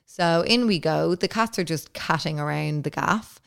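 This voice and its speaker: A woman's voice: sits low, normal speed, vocal fry, fairly bright tone, clear, resonant tone. A woman hosting a podcast, telling a story in a casual, chatty way, full of filler words and swearing. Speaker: podcast host.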